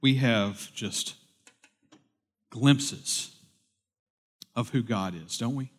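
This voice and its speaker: A man pastor delivering a sermon, moving from loud, urgent preaching to quiet, conversational storytelling. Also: mid-range voice, very slow. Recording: long hall reverb.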